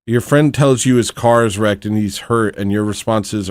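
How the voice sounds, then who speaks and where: A man's voice: lowish voice, normal speed, few pauses, dry recording, studio quality. A man hosting a casual livestream, rambling and muttering to himself in a frustrated way. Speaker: livestream host.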